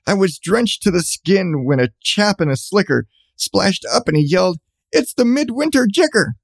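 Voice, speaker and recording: A man's voice: high-pitched, moderate pace, creaky, no echo. A man reading a rhyming children's storybook aloud with a bouncy cadence.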